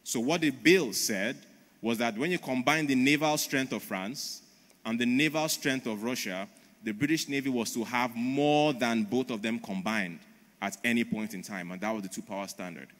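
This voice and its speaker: A man delivering a sermon with emphatic, storytelling energy at an ordinary pitch for a man. His voice carries the long reverb of a large church auditorium. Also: moderate pace, a bit bright. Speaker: preacher. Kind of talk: conference sermon.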